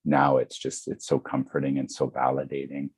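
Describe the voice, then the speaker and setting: A middle-aged man with an extremely low voice that has a husky edge to it. He talks about his work as a medium in an earnest, reflective way, with frequent fillers, and he is heard over a video call. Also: completely flat delivery, normal speed, darkish tone. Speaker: psychic medium guest. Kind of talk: conversational guest talk.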